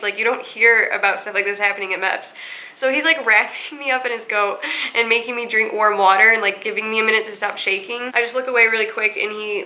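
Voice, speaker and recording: A young woman telling a story casually in a vlog, chatty and animated, using a lot of "like" and acting out other people's lines. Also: mid-range voice, rough recording. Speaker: vlogger.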